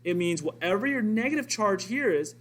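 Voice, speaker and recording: Guy teaching chemistry, pitch jumps all over, kinda high voice, walks thru each step. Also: lively intonation, fairly quick, a little hiss or hum. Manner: explanatory, step-by-step, asks and answers own questions. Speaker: science teacher. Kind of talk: recorded classroom lesson.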